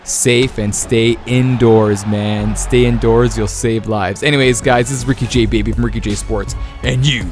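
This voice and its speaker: A man commenting on his video game knockout highlights, excitable and laughing, with playful trash talk. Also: normal speed, few pauses, faint music behind. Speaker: gaming YouTuber.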